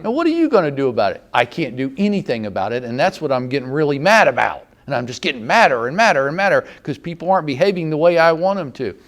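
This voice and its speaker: A Southern American man talks to real estate agents in a blunt, sarcastic, mock-scolding way. His voice sits high for a man and swings widely in pitch. This is an animated training talk. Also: fast, few pauses.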